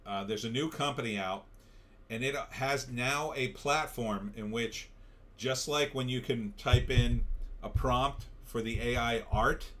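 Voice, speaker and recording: A man's voice: mid-range voice, fairly bright tone. A tired man hosting a livestream, ranting in a casual way and reading out chat comments. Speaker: livestream show host.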